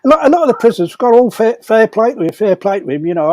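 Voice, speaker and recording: A man's voice: sits high, quick pace, darkish tone, dry recording, poor audio. An older man telling prison anecdotes casually, repeating words and laughing as he goes. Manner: rambling, repeats words, laughs through his stories. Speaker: storyteller at a comedy fundraiser.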